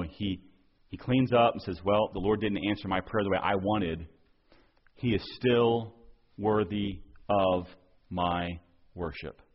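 A low-pitched, husky man preaches a sermon in an earnest, pressing way, often doubling back on words as he goes. The recording is dull and lo-fi, with the top end rolled off. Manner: earnest, repeats and restarts words while preaching. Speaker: pastor.

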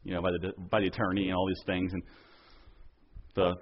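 A male pastor preaching a sermon earnestly, acting out quoted dialogue and dropping softer on key points. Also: low voice, monotone, fairly quick, lo-fi sound.

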